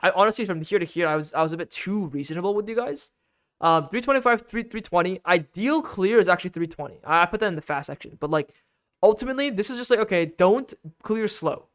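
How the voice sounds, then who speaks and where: Guy with a pretty high voice coaching gamers, pushy and repetitive, keeps going "okay?". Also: animated, quick pace, a bit bright. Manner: emphatic, repetitive coaching with frequent "okay?" checks. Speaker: game coach. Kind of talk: instructional game guide talk.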